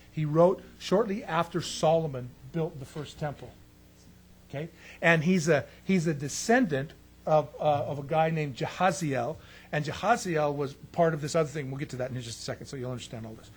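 A man preaching a sermon on prophecy, animated and emphatic, with sarcastic asides. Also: on the high side, husky.

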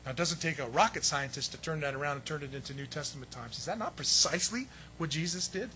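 A man preaching a sermon, telling the story in a lively way and acting out the voices of the people in it. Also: on the high side, fast talker, a little hiss or hum. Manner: animated storytelling, acts out voices of biblical figures. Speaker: pastor.

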